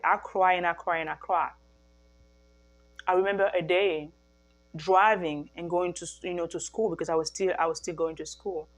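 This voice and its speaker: A woman from Africa speaks straight to her viewers in a heartfelt personal testimony. Her voice sits a little low, and she leans on repetition, circling back over her words and restarting sentences as she goes. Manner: earnest, repeats phrases for emphasis, frequent restarts. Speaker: mother sharing a faith-based healing message.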